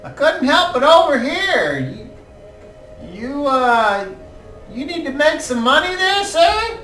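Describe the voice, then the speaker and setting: A man's voice: extremely high pitch, very animated, slow, pushed and bright, pitched above the performer's own voice, exaggerated voice. A man voicing a meek, stammering old male tanner who asks for odd favors. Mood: wheedling. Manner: pleading, stammering, easily frightened. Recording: roomy, distant mic, faint music.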